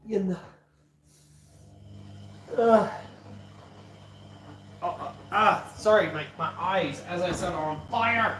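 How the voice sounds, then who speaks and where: A young man rambles through a cooking livestream, cracking jokes and chatting back to viewers at an unhurried pace. His voice rings around a hard, echoey kitchen, with knife chopping and clatter clear behind him. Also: high voice, a bit bright, slight background noise. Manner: rambling, jokey, talks to chat. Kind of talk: casual cooking livestream chat. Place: home kitchen.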